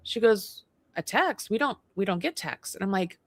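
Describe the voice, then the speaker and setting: A woman's voice: mid-range voice, lively intonation, normal speed, dry recording. A woman co-hosting a casual livestream chat, animatedly telling a story and acting out both sides of it. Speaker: co-host. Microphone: livestream mic.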